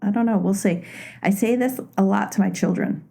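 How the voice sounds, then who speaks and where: A woman's voice: medium pitch, normal speed, vocal fry, dark tone. A woman in her forties from Maine, a podcast guest chatting casually and laughing easily. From Maine, USA. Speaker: podcast guest, loan officer. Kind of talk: casual interview chat.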